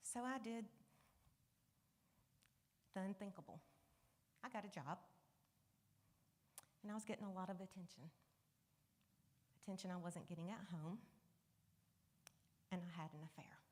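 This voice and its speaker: A woman's voice: mid-range voice, measured pace, pauses often, darkish tone. A woman giving a candid personal testimony to a church congregation, talking conversationally and dropping to near-whispers at painful moments. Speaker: guest speaker sharing a testimony. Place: church sanctuary. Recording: long reverb of a church hall.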